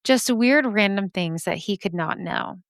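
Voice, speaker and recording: A woman's voice: medium pitch, expressive, a little slow, fairly bright tone, dry recording. Chatty woman podcast host, dry sound. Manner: chatty, laughs often, swears casually, reads quotes aloud. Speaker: podcast host reading listener mail. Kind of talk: casual podcast reading and commentary.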